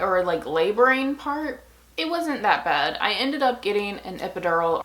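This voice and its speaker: Chatty young woman, slightly low voice. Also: fairly bright tone. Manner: chatty, lots of "like" and "um". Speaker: vlogger. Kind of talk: casual storytelling to camera.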